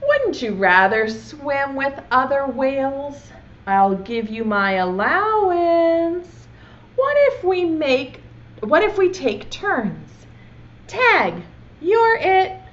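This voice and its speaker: A woman's voice: high-pitched, big pitch swings, lo-fi sound, voice pushed up, exaggerated voice. A woman doing a put-out little boy. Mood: pleading. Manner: slow, drawn-out storybook reading. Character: young boy, stubborn and put out.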